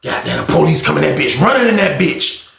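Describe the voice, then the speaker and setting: A man telling a casual storytime vlog, profane and animated, acting out noises and other people's voices. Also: on the high side, brisk, creaky, very noisy. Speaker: storyteller recounting prison life. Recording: echoey room.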